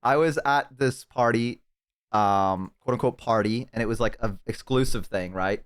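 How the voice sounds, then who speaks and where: A man streaming and telling a story casually to his chat, swearing often and bursting into loud laughter. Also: mid-range voice, moderate pace, smooth. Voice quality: profane, laughs hard and loud. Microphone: headset.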